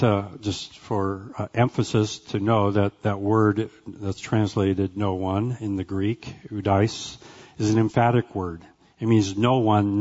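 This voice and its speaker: A man with a fairly low voice teaches a Bible class in an easygoing, conversational way. He often checks in with his listeners and pauses with small fillers between phrases. The recording sounds a little dull and muffled. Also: darkish tone.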